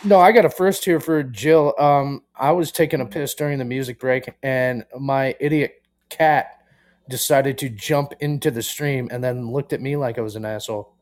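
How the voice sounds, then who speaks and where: A man's voice: mid-range voice, steady tone, soft background music. A man co-hosting a live show, teasing the host and swearing casually. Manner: teasing, profane, quick to laugh. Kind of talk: casual live radio banter.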